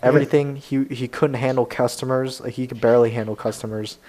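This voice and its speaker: A man's voice: medium pitch, steady tone, fast, mellow, rough recording. A young man, a podcast co-host, telling a rambling story in casual chat and laughing often. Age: young adult.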